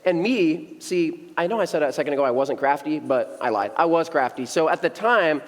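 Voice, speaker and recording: A man's voice: fairly high pitch, expressive, brisk. A man in his thirties preaching as a young adults pastor, telling a funny story in a casual, playful way and acting out voices, in a church sanctuary. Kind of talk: humorous storytelling sermon. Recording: long church reverb.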